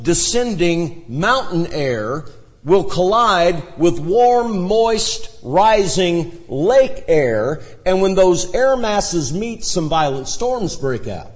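A man preaching an expository sermon, teaching from Bible passages with dramatic shifts in emphasis. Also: high voice. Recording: dull lo-fi sound with long hall reverb.

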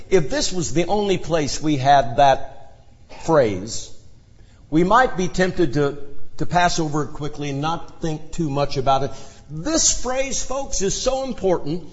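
High, lively male preacher in a reverberant hall. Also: unhurried, pauses often. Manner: expository Bible teaching, dramatic shifts in emphasis. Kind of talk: sermon. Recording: dull lo-fi sound with long hall reverb.

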